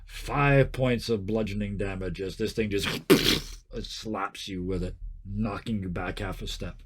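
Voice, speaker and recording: A man's voice: on the low side, unhurried, heavy background noise. A man running a tabletop game as game master, narrating combat in a casual, joking way and sniffing between phrases.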